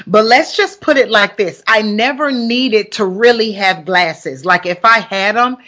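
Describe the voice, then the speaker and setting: A woman's voice: medium pitch, a little slow. A woman in her forties from Alabama with a Southern country accent, hosting a live broadcast in a chatty, upbeat way. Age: 40s. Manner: chatty, warm greetings to listeners, upbeat. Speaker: host and pastor. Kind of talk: casual live broadcast chat.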